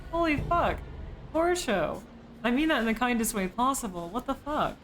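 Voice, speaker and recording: A woman streaming a game live who reacts with excitement and swears freely while she thanks her viewers. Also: on the high side, a little slow, a little hiss or hum. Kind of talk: casual live-stream commentary.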